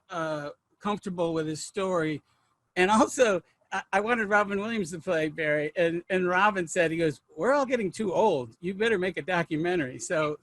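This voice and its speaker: A man's voice: fairly high pitch, fairly bright tone, dry recording. A man, a comedian and filmmaker, telling rambling, self-mocking stories in an interview. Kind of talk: anecdotal interview storytelling.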